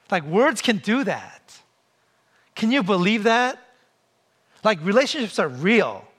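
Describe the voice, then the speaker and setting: A man's voice: high-pitched, fairly bright tone. A man in his forties giving a sermon in a conversational, humorous way, asking the listeners questions. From came to the US as a child. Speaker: pastor.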